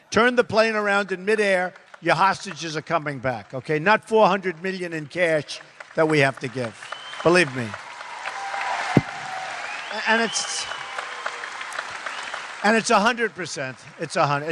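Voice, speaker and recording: Brief older male candidate, forceful repetitive delivery, slightly high voice, big hall echo and faint crowd. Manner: emphatic, repeats short phrases. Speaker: presidential candidate. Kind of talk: unscripted roundtable remarks to an audience. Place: large indoor theater.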